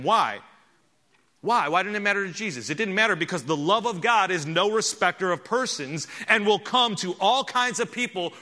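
Man, pastor, sermon, high voice, sharp bright tone, emphatic, church. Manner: emphatic, rhetorical questions and repeated words.

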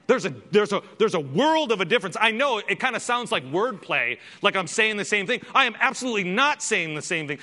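A man's voice: high voice, sing-song, a little fast, hardly any pauses, bright, forceful tone. A man preaching a sermon as pastor in a church sanctuary, emphatic and full of rhetorical questions. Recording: long reverb in a large hall.

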